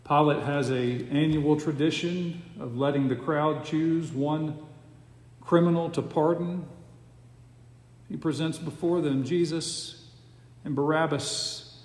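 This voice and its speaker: Man, sermon, emphatic pauses, roomy reverberant sanctuary, long echo tail. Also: fairly high pitch, steady tone, a little mellow. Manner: slow, emphatic cadence with dramatic pauses. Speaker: preacher. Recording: echoey hall with long reverb.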